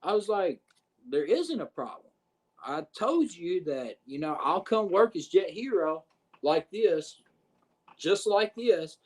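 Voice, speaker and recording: Guy telling a wrestling backstage story, cussing a lot, kinda high pitched voice. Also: slow. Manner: profane, animated retelling with quoted voices. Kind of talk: casual storytelling.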